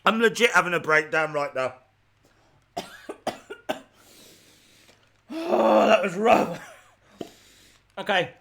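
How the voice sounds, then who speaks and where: A teary man with a runny nose hosts a live reaction stream, breaking into dramatic, exasperated outbursts. His voice sits high and sounds bright and sharp, and he takes his time between remarks. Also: animated, a little slow, pauses often, a little hiss or hum.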